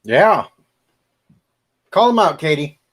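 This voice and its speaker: A man's voice: fairly high pitch, sing-song, slow, fairly bright tone. A man in casual chat on his stream, quippy and teasing.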